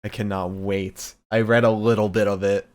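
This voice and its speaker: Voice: low-pitched, level tone, normal speed. A podcast co-host in casual live-stream chat, laid-back and often laughing, explaining the donation rules.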